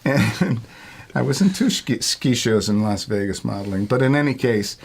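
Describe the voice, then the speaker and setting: Middle aged guy rambling thru retail stories, swears a lot, laughs, average pitch, bit of hiss. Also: normal speed, vocal fry. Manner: rambling, profane, laughs through his stories. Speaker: guest, longtime retail worker. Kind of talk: casual storytelling.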